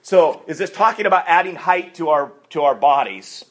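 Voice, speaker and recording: A male pastor preaching a sermon, asking rhetorical questions and swinging between loud, stressed lines and quiet asides. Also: a little high, expressive, moderate pace.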